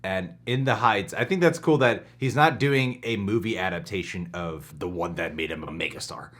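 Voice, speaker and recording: A young man hosting a casual movie reaction chat, animated and teasing, laughing often. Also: sits low, moderate pace.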